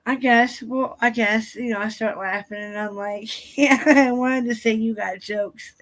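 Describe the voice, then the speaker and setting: A woman casually telling viewers a personal story, chatty and animated, acting out what people said and laughing often. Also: a little high, measured pace.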